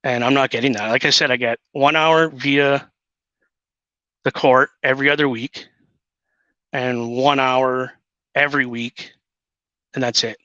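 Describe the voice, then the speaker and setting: Earnest man, bright forceful tone, dull lo-fi sound, dry, speaking from the heart. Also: medium pitch, steady tone, measured pace, pauses often, dry recording. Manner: earnest, emotional. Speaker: guest father. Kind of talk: casual chat.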